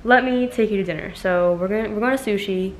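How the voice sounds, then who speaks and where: A young woman chatting casually to camera as a vlogger. She is excitable, says "like" a lot and swears casually. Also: mid-range voice, fast, slight background noise. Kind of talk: casual vlog chat to camera. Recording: roomy echo with faint music behind.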